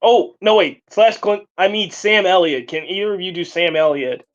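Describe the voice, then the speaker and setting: A man's voice: high-pitched, normal speed. A man joking about himself in casual podcast banter. His audio sounds a little dull and muffled, as if from a remote line. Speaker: podcast co-host.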